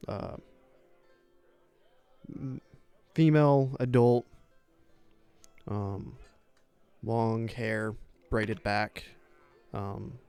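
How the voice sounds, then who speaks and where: Slow, hesitant game master man. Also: fairly low pitch, fairly even intonation, vocal fry, a little mellow, smooth, no room sound, faint music behind. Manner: hesitant, many fillers. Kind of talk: narrating a tabletop game.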